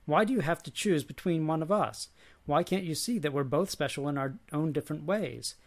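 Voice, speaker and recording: A man reading aloud and voicing a loud, boastful horned male god who roars his lines. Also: fairly high pitch, brisk. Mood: pleading. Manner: roaring, bombastic.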